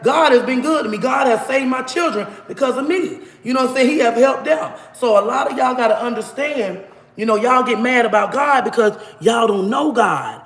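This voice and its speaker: Woman talking into her phone in the kitchen, bragging and preaching, high-pitched, room echoes with long ringing reverb. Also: moderate pace. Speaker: livestream vlogger. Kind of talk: casual preachy livestream chat while cooking. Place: home kitchen. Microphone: phone propped nearby.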